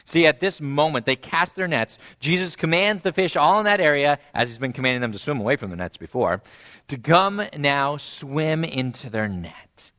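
Man preaching with animated acted-out quotes. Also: moderate pace. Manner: animated, acts out quoted voices with big pitch jumps; repeats key phrases softly for emphasis. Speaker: pastor. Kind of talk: sermon.

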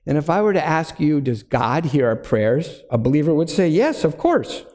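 A middle-aged man preaching a sermon, earnest and deliberate, slowing down to stress key words. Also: fairly high pitch, very animated, a little mellow, in a large hall. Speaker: pastor.

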